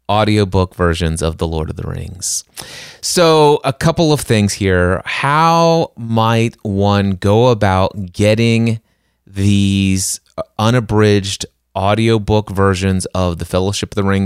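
A man's voice: on the low side, clean tone, no echo, clean studio sound. A man hosting a channel, giving enthusiastic, chatty commentary with restarts. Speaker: channel host. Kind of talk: casual commentary.

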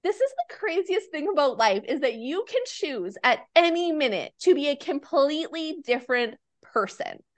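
Young woman, high voice, earnest, upbeat, casual podcast guest, tired. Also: very animated, moderate pace, hardly any pauses. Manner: upbeat, earnest, many fillers like "like". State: tired and nauseous. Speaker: podcast guest, mindset coach. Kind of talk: casual interview chat.

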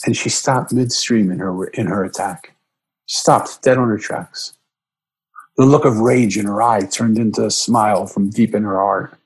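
A middle-aged man earnestly telling a personal story, emotional and reflective, his pitch jumping up when he quotes himself. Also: fairly even intonation, a little slow, breathy edge, low-quality recording.

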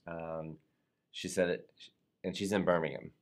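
A man's voice: sits low, little pitch movement, measured pace. Upbeat man hosting a live chat. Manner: upbeat and playful, trips over words. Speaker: host of a live show. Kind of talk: live-stream chat reading viewer comments. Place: Atlanta area.

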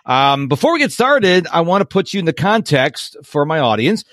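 An enthusiastic man hosts a podcast interview and asks questions. His pitch moves around a lot, and he often restarts his phrases. The recording is dry and close. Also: big pitch swings, moderate pace, fairly bright tone, no echo. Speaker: podcast host.

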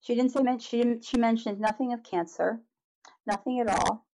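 A woman's voice: on the high side, steady tone, moderate pace, mellow, poor audio. A middle-aged woman, a podcast guest, telling her personal story in a candid, earnest way and restarting her sentences often.

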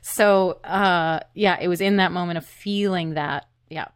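A woman's voice: lowish voice, fairly even intonation, a little slow, clean tone. A woman, a singer-songwriter guest, telling stories in casual chat, laughing often and leaning on "like". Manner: laughs often, storytelling, says "like" a lot. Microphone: USB condenser microphone.

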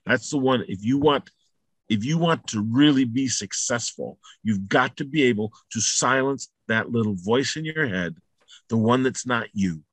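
A man's voice: mid-range voice, animated, normal speed, husky, no echo. Male motivational speaker, emphatic and repetitive, salty language, dry close sound. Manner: emphatic and repetitive, builds to loud peaks. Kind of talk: motivational talk.

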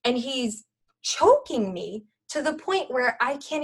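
A woman's voice: sits high, big pitch swings, breathy edge. Earnest woman telling a personal story. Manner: halting and earnest, with many fillers and restarts.

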